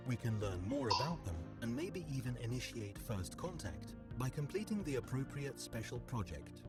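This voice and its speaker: A man voicing a measured in-game tutorial advisor who explains the game in scripted narration, with lively intonation. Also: mid-range voice, lightly acted. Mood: informative. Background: game music.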